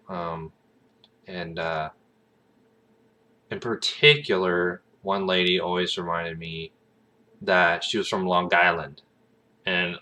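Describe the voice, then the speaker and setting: Man, very low pitch, bright tone, rambling casual vlog, sidetracked, filler-heavy. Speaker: aspiring actor vlogger.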